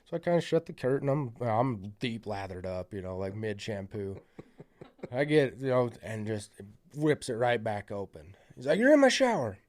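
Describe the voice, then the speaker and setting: A man's voice: on the low side, normal speed. Man, casual podcast storyteller; rambling, profane, many fillers. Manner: gets loud and excited at the climax.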